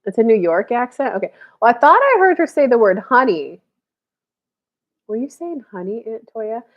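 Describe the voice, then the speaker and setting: A woman's voice: on the high side, sing-song, normal speed, highs cut off. A woman hosting a live stream of intuitive readings, chatting casually with many fillers and restarts, short of breath. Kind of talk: casual live-stream chat with channeled messages.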